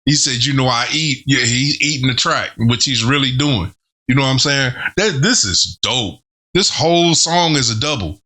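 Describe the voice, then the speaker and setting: A man hosting a casual album reaction, talking excitedly in loose slang and breaking down the lyrics as he listens. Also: medium pitch, normal speed. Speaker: host reviewing an album.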